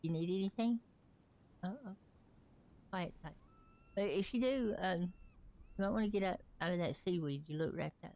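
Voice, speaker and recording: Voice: medium pitch, a little fast, dark tone. Chatty, rambling livestreamer. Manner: rambling, chatty, talks to characters in the game and to viewers. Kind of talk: casual live gameplay chat.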